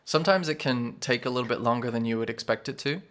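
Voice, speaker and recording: A man running a tabletop game, recapping scenes in a bright, forceful voice. He talks in a loose, relaxed way, leaning on fillers. His pitch sits in an ordinary middle range. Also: fast. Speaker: game master.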